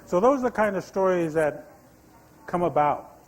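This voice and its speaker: A Nez Perce man from the US Pacific Northwest telling creation legends in a relaxed, conversational way at a stage microphone. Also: high voice, moderate pace, a little hiss or hum, low-quality recording. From Nez Perce homeland, US Pacific Northwest. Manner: relaxed, conversational, asides to listeners. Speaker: tribal storyteller. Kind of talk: oral storytelling.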